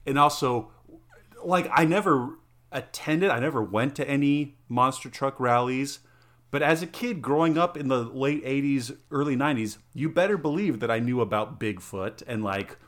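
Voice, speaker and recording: A man's voice: medium pitch, normal speed, fairly bright tone. A man in his thirties co-hosting a podcast, rambling and hunting for words as he goes. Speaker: podcast co-host. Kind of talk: casual comedic chat.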